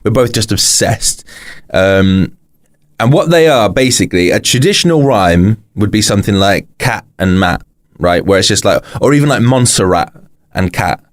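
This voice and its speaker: A British man chatting casually on a podcast as a guest, explaining things in rambling sentences full of fillers. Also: on the low side. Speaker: podcast guest, rapper and author.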